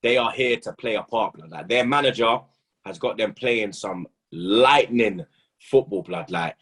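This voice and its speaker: A young man, a football pundit who talks in loud, animated street slang and keeps saying "blood" and "you understand". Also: on the low side, a little slow, husky. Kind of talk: casual football banter.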